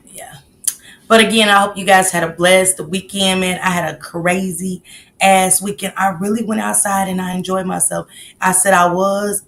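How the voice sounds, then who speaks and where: A woman's voice: fairly low pitch, creaky, fairly bright tone, slight background noise. A woman in her late forties hosting a live stream, chatting casually and greeting viewers by name. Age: 40s. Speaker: livestream host.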